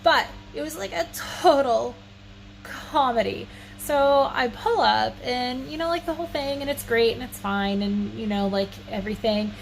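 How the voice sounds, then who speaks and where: Speaking to her phone at home, a woman tells a rambling, self-mocking story in a casual vlog, chatty and laughing at herself. Her voice is on the high side and creaky at a normal speed, and she's a little wheezy. A fan runs indoors, leaving a faint hum behind her.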